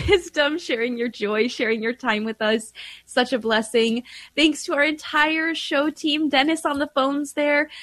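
A woman hosting a radio show, friendly and upbeat, thanking her guest and signing off with an occasional filler word. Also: high voice. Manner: bright, friendly, with filler words.

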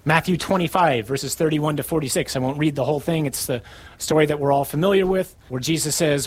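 A man preaching a sermon, reading scripture with rising emphasis and dropping low for key lines. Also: a little fast, slightly rough, poor audio.

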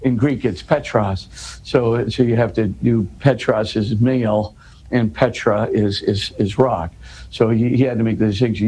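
A man's voice: on the low side, steady tone, normal speed, warm tone, slight background noise, low-quality recording. A man, a guest in an interview, explaining scripture in earnest conversation. He restarts and repeats words, tags his points with "right?" and builds to emphatic questions.

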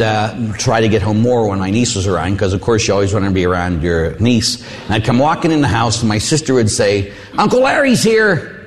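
A male priest giving a sermon with personal stories, an animated storyteller who acts out voices. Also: fairly low pitch. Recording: long hall reverb.

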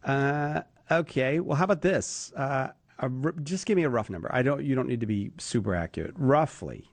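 A man's voice: mid-range voice, moderate pace, no echo. A man hosting a talk show, joking and teasing and asking lots of questions. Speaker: host. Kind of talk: call-in radio show chat.

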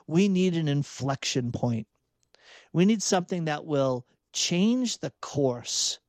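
A man's voice: fairly high pitch, darkish tone, no room sound. A man giving an earnest, emphatic spoken reflection on Catholic faith, repeating phrases for emphasis. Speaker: Catholic speaker and author.

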